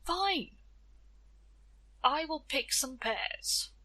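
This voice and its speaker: A woman voicing Death, a tall thin male spirit, weary and impatient, speaking slowly and measuredly in a storytelling podcast. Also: mid-range voice, animated, sharp tone, breathy edge, no room sound.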